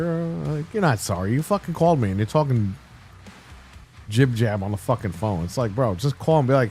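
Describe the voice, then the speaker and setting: A man's voice: mid-range voice, lively intonation, a little fast, a little mellow, slightly rough, faint music behind. Profane ranting male game streamer. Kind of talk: casual chat while streaming a game.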